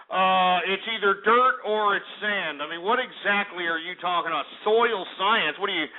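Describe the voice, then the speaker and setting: A male call-in radio host with a fairly high voice, ranting and hurling insults at callers and filling gaps with uh and you know. The audio is thin and tinny, like a phone line. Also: normal speed. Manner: ranting and insulting callers, many filler sounds. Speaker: radio talk show host.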